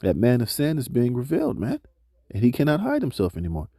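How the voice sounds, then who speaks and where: A man giving a slangy, informal scripture commentary, full of fillers and slowing down when he reads verses aloud. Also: medium pitch, wildly swooping pitch, mellow, no echo, studio quality. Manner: casual slangy preaching, often ends phrases with "man", many "uh" fillers; slows down to read scripture aloud. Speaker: street preacher reading scripture.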